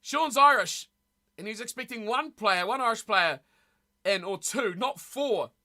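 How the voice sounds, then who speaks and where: Blunt, bright-voiced woman streamer. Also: a little high, animated, unhurried. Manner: blunt, opinionated, scattered. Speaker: streamer reacting to chat. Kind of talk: casual live-stream chat.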